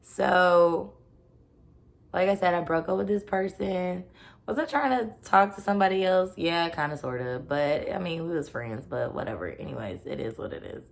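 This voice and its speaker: A woman's voice: lowish voice, expressive, normal speed, gravelly. A woman vlogger telling a personal story in a blunt, casual rant, swearing freely and filling her talk with "like". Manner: blunt, profane, heavy use of "like".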